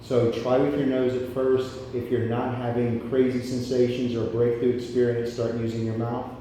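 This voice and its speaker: Male breathwork instructor, warm dark tone, steady rhythmic coaching cues, faint noise behind. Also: mid-range voice, normal speed. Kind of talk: guided breathwork class. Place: workshop room with a group. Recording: echoey room from a distant mic.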